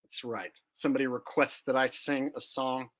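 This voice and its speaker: A man's voice: medium pitch, level tone, moderate pace, heavy background noise. A man hosting a casual livestream, joking brashly with viewers and cursing freely. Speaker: livestream host.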